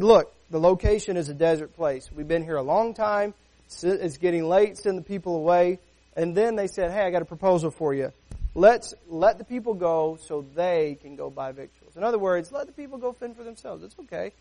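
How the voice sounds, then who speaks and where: A man's voice: a little high, normal speed, mellow. A man preaching a sermon in a conversational way, full of rhetorical questions and acted-out voices, speaking as a father and pastor.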